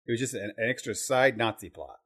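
A man's voice: medium pitch, animated, quick pace, fairly bright tone, slightly rough. A man in casual podcast conversation about a film, rambling and restarting as he thinks aloud.

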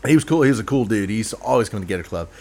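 A man's voice: lowish voice, animated, rapid-fire, darkish tone. Laughing Florida man telling bar stories. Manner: laughing, acts out quoted voices while telling stories. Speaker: podcast host. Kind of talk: casual storytelling chat.

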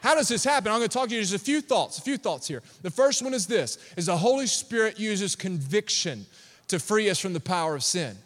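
Preacher, male, very high voice, emphatic delivery, church hall reverb. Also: expressive, a little fast, a bit bright. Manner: emphatic, call-and-response with congregation. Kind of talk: sermon. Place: church sanctuary. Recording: long reverb of a large hall.

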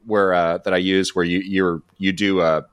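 A man co-hosting a podcast, talking easily about old TV shows, thinking out loud as he goes. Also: deep voice, level tone, normal speed, clear, resonant tone, dry recording, clean studio sound. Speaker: podcast co-host.

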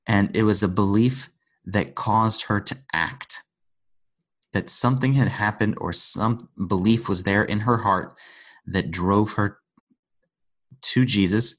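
A man's voice: lowish voice, slow, fairly bright tone. A man in an earnest conversational Bible discussion, retelling scripture stories and acting out the quotes.

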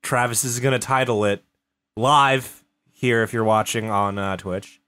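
A man's voice: mid-range voice, steady tone, a little slow, pushed and bright, clean tone. A man hosting a casual streamed podcast, playful and teasing with his co-hosts. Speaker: podcast host. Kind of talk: casual chat.

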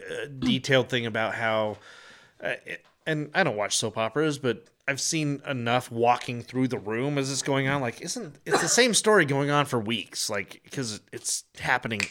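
A man's voice: mid-range voice, expressive, moderate pace, fairly bright tone. A man telling a story in casual chat, laughing often and acting out quoted lines.

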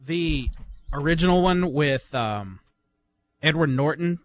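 A man co-hosting a radio show, chatting casually and making offhand, low-key remarks. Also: lively intonation, slow. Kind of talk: casual chat.

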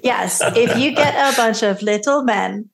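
Podcast lady chatting and giggling a lot, bit of vocal fry in there. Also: fairly high pitch, a little slow. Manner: giggly, laughs often between lines. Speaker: podcast co-host. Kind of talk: casual chat.

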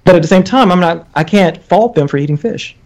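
A man in a casual debate chat, talking in an emphatic, animated way as a vegan guest. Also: sits high, a little fast.

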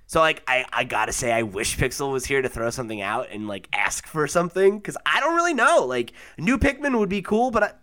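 A young man hosting a casual podcast, laid-back and quick to laugh, with lots of fillers. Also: a little high, animated, bright, forceful tone. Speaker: podcast host.

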